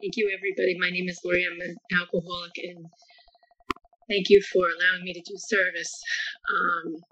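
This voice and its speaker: A woman's voice: fairly low pitch, level tone, fairly quick, fairly bright tone, a little hiss or hum. A middle-aged woman speaking earnestly at a recovery meeting on a video call, grateful and rambling, with many fillers. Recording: dull lo-fi call audio.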